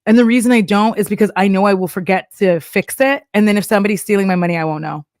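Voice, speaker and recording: A woman's voice: mid-range voice, quick pace, darkish tone, no room sound, studio quality. A young adult woman from Texas, chatting casually on a live stream, laughing often and acting out little voices. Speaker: streamer reacting to a video.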